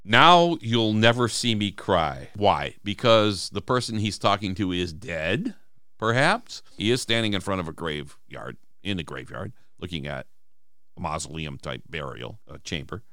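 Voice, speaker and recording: A man's voice: low voice, animated, moderate pace, a bit bright, no echo, clean studio sound. A man co-hosting a podcast, talking through song lyrics in casual, emphatic chat and acting out quoted lines. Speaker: podcast co-host.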